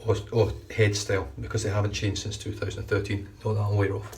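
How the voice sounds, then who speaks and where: Shaving on camera, a fast-talking man with a flat, low voice keeps up a chatty, rambling commentary full of restarts. It's recorded on a distant mic with faint background noise.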